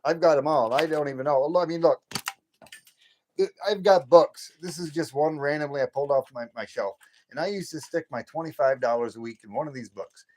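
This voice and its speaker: A man's voice: on the high side, brisk. A man in his late fifties hosting a late-night livestream, ranting and rambling with many repeats and restarts. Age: 50s. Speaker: livestream host.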